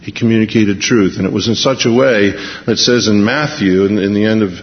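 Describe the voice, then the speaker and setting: A man's voice: lowish voice, brisk. A man preaching a sermon, telling the scene like a story and acting out the quoted voices. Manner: animated storyteller, acts out quotes, shifts pace. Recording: long hall reverb, dull lo-fi sound.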